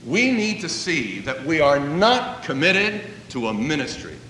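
A man's voice: a little high, big pitch swings, measured pace, sharp tone, slight background noise. A man preaching a sermon, telling a story and acting out its dialogue. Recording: echoey hall, voice from a distance.

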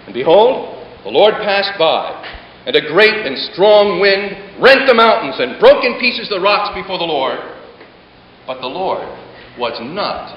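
Dramatic high-voiced male preacher. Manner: dramatic, swelling emphasis and sudden hushed drops. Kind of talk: sermon. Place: large hall before a congregation. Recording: echoey hall, muffled, faint hiss.

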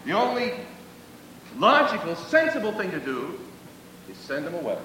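A man's voice: very animated, normal speed, bright, forceful tone. A man preaching a sermon, earnest and repeating phrases for emphasis. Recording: echoey hall, distant mic, faint rumble.

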